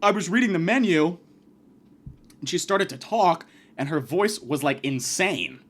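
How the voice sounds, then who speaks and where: A man delivering a profane comedic rant, abrasive and insulting, swinging from yelling to muttering. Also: a little high, animated, unhurried. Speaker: comedic ranter.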